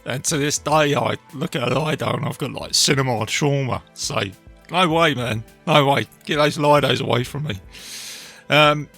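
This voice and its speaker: A man hosting a podcast, casually retelling a film with animated asides to his listeners. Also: medium pitch, moderate pace, vocal fry, soft background music. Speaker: podcast host reviewing a film. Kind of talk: casual film review talk.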